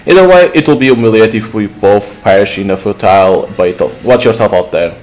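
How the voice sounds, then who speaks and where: A man's voice: fairly low pitch, brisk, a little mellow, close to an everyday voice, rough recording. A man reading the lines of a blunt, dry-witted young woman.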